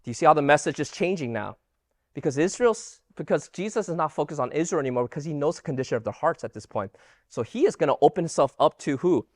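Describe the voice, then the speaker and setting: Animated Bible teacher with lively pitch. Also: no room sound, clean studio sound. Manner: asks the audience rhetorical questions; animated, emphatic delivery. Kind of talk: Bible study lesson.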